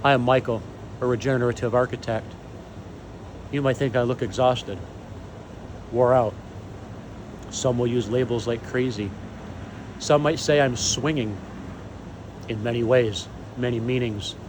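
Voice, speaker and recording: A man delivering an impassioned monologue to camera, proclaiming slowly and emphatically, swinging between loud declarations and hushed asides. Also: mid-range voice, fairly even intonation, noisy background. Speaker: vlogger.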